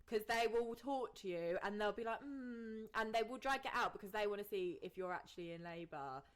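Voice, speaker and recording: A woman co-hosting a casual podcast chat, animated and laughing, chipping in with tips and casual swearing. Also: mid-range voice, fairly quick. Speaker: podcast co-host.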